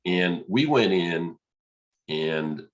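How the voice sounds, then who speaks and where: A man, a podcast guest, telling a lively story and acting out the dialogue. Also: sits low, drawn-out words, dull audio. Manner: animated storyteller, acts out quoted dialogue. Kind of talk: storytelling in conversation.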